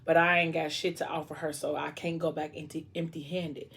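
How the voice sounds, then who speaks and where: A woman voicing a troubled, guarded young man who speaks in low, subdued street slang. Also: little pitch movement, a little fast, gravelly, fairly bright tone, a little hiss or hum. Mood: weary.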